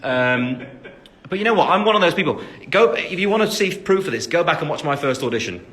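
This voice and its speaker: A man's voice: a little high, lively intonation, brisk, a bit bright. A man in his twenties from England, chatting casually on a phone livestream while answering fan comments, rambling with lots of fillers and joking at his own expense. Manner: jokey, laughing at himself.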